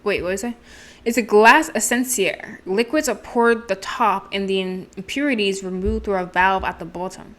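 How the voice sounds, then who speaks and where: A woman's voice: medium pitch, normal speed. A woman streaming a game, reading its text aloud and chatting with self-deprecating asides. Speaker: gameplay streamer. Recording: game music playing behind.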